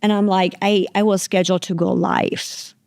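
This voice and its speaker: Frank, animated woman in a dry room. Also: medium pitch, normal speed, gravelly, no echo. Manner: frank and animated, swears freely, acts out her own reactions. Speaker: podcast host. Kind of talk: candid conversational interview.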